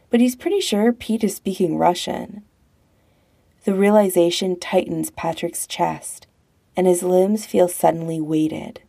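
A woman narrating a romance story as an audiobook in a calm, measured way. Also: on the low side, vocal fry.

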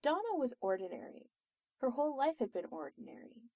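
A woman reading fiction aloud with expressive storytelling narration. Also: fairly high pitch, brisk, vocal fry, no echo, studio quality. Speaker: reader.

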